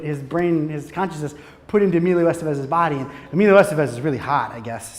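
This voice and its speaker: A man with a high voice tells stories in a loose, animated way, swearing and laughing between lines. He speaks as a guest at a casual talk on making films. His voice rings through a hall with a long echo. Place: conference room. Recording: reverberant hall.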